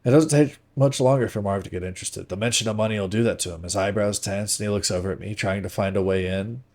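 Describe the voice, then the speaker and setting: A man with a low, husky voice reads a first-person novel aloud. His delivery is measured and dramatic, often sinking into hushed, quiet phrases. It is steady storytelling from a live stream. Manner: measured, dropping to hushed tones.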